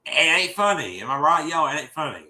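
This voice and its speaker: Male host, casual recap chat, very bright tense tone, rambling delivery. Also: fairly high pitch, very animated, a little fast. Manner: rambling, many restarts, acts out quotes. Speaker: show host recapping an episode.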